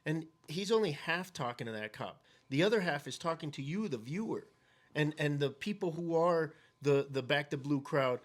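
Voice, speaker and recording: A man's voice: a little high, animated, moderate pace. A man as a guest in a casual talk, speaking emphatically and with strong opinions. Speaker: guest, fellow activist. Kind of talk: casual conversation.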